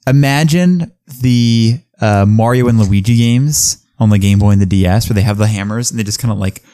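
A man at a tabletop game with a low, mellow voice, speaking casually. He is hesitant and stammers, and his voice sounds dry and close. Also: moderate pace, dry recording. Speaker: player.

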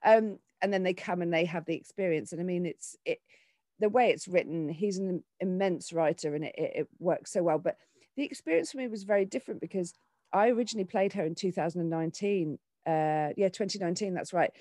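Woman in her forties, lowish voice, dry close sound, animated, restarts sentences. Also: a little fast, no room sound. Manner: animated, with frequent restarts and fillers. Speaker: actor and children's author. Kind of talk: casual interview talk.

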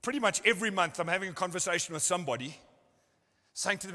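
Male pastor, sermon, earnest storytelling, fairly high voice, ringing church hall reverb. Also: animated, fast, pushed and bright. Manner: earnest storytelling, acting out what people said. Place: church service.

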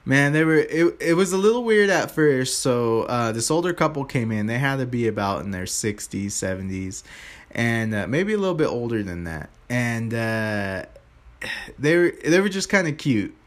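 A man's voice: medium pitch, normal speed. A young man casually telling his viewers a story from his sales job, rambling with fillers and restarts and acting out what people said. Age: young adult. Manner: animated, acts out quoted voices. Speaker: store salesperson.

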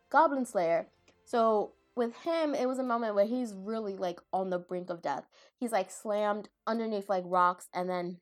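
A woman talking casually and rambling, with lots of filler words and self-deprecating asides, as she recounts anime moments. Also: medium pitch. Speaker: anime commentator.

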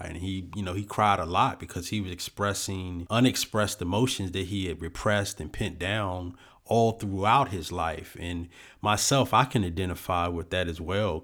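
A man's voice: sits low, fairly bright tone. A man hosting a solo book-review podcast, talking in an earnest, reflective way with lots of "you know" fillers.

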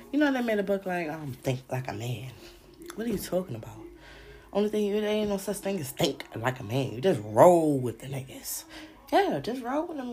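A woman's voice: low-pitched, darkish tone. A woman, a podcast host telling stories in a casual, slangy, profane way and acting out the people she quotes. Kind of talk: casual storytelling chat.

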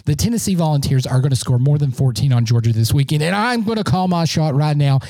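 A man hosting a solo sports podcast, talking in an excitable, boastful fan rant while standing in a room. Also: a little high, fast, noisy background.

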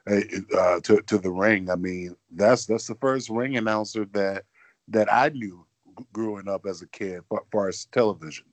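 A man's voice: lowish voice, darkish tone, no room sound. A man hosting a wrestling podcast, talking casually with many fillers and restarts. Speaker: podcast host.

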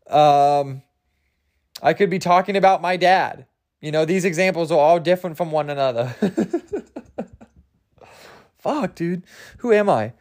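A man's voice: on the high side, a little mellow. A man hosting a podcast on his own, rambling loosely and cracking jokes, with plenty of swearing and restarts. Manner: loose, profane, jokey, with many fillers and restarts. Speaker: podcast host. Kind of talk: rambling casual monologue.

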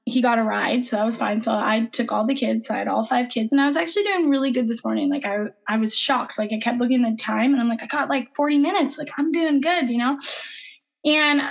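High-voiced mom telling a story. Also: female voice, fast talker, vocal fry, lo-fi sound. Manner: animated, breathless retelling with acted-out quotes. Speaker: podcast co-host. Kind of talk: casual storytelling chat.

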